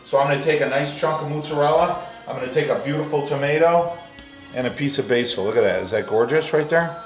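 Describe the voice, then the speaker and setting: A man's voice: a little high, fast talker, far from the mic. A chatty, enthusiastic man with a slightly raised voice hosts a cooking demonstration. He sounds a little off the mic in a roomy space. Faint music plays underneath. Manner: enthusiastic, chatty, addresses viewers as guys. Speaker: cooking show host. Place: villa kitchen in Italy, outdoors breeze.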